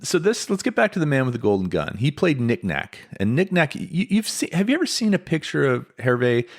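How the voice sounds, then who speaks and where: A man's voice: fairly high pitch, big pitch swings, fairly quick. A man hosting a podcast, telling a life story in a casual, chatty way with lots of asides. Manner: conversational, many fillers and asides. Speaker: podcast host.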